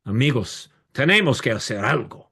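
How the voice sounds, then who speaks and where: A man's voice: mid-range voice, very animated, fairly quick, a bit bright, husky, voice pushed up. A man voicing a fiery male street orator making an impassioned speech, recorded over a video call. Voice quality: impassioned, declaiming. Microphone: video call microphone.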